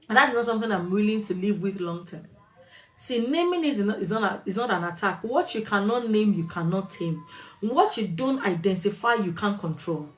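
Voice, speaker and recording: A woman's voice: mid-range voice, animated, normal speed. A woman host talking straight to her viewers with relationship advice, firm and emphatic, repeating phrases for stress. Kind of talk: direct-to-camera advice talk.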